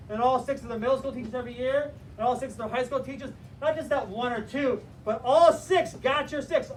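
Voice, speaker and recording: Male teacher, late 30s, high voice, animated storyteller; distant mic, faint background noise. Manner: animated, rhythmic storytelling with acted dialogue. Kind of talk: storytelling lesson to students.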